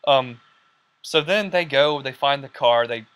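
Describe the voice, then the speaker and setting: Bright, rambling young podcast guy. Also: medium pitch, measured pace, clean tone. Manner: rambling, excitable, full of fillers and quoted lines. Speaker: podcast host. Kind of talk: casual chat.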